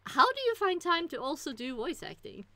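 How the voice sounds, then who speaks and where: Woman host asking guests stuff, giggles a lot, bouncy pitch, dry close sound. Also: very animated, fairly quick, gravelly, dry recording. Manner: giggly, soft asides. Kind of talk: casual interview chat.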